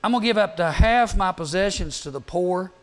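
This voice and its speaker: A man's voice: sits high, lively intonation, brisk. A man playing a grateful, repentant tax collector who eagerly promises to pay everyone back.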